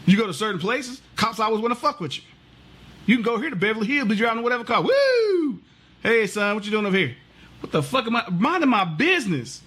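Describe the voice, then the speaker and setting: A husky-voiced male vlogger delivers a heated, impassioned political rant, swearing and firing off rhetorical questions. His voice sits high with a fairly bright tone.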